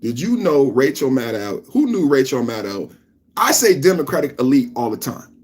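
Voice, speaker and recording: A man hosting a live reaction podcast, ranting loudly, repeating himself and talking straight to his chat. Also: mid-range voice, big pitch swings, moderate pace, slightly rough. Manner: loud, repetitive, talks straight to chat. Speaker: podcast host.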